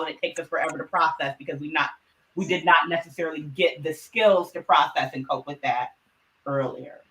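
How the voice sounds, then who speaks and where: A woman's voice: low-pitched, brisk, pushed and bright, poor audio. A woman co-hosting a casual podcast chat, explaining her views earnestly and at length. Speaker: podcast co-host.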